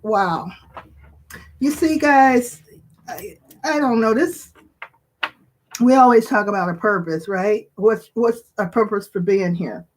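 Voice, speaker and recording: A woman in her sixties hosting her own channel, chatting casually and emotionally to viewers with many pauses and fillers. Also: medium pitch. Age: 60s. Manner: slow, emotional, tearful at times, with pauses and fillers. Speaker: channel host.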